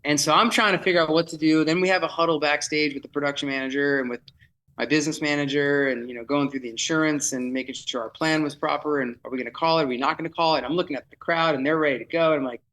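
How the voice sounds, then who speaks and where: A man telling a vivid, excitable story in podcast chat, often restarting his sentences. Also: on the high side, fast talker, rough recording. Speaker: festival producer guest.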